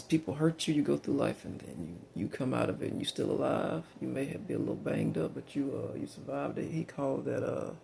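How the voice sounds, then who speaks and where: A man's voice: medium pitch, creaky, darkish tone, slight background noise. A middle-aged man with a Southern US accent, talking through a frank, meandering personal monologue with lots of fillers and restarts.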